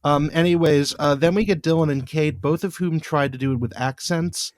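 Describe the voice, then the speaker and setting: A man's voice: a little high, moderate pace, no room sound, clean studio sound. A man co-hosting a podcast, recapping in a rambling, exasperated way with many fillers. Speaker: podcast co-host. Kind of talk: casual recap chat.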